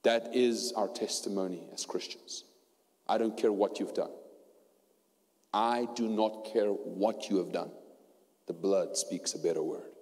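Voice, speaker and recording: South African pastor preaching in a hall. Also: male voice, on the low side, steady tone, measured pace, long pauses. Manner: storytelling, swings between hushed and loud preaching. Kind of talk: sermon. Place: church hall. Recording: long hall reverb.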